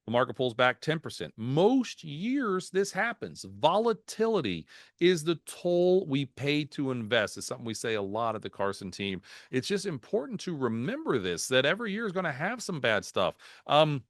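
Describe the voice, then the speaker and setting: A man presenting a market outlook over slides in a video webinar, folksy and animated, dropping jokes and anecdotes. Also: on the high side, moderate pace, no room sound, studio quality. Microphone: video call.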